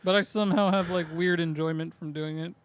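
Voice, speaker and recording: Male podcast co-host, high-pitched, easygoing and laughing often, throat irritated from coughing. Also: steady tone, brisk, clean tone, no room sound. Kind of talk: casual chat.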